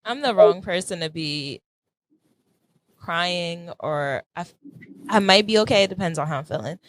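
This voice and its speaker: A woman co-hosting a podcast in casual chat, frank and quick to laugh as she tells anecdotes. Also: on the low side, lively intonation. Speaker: podcast co-host.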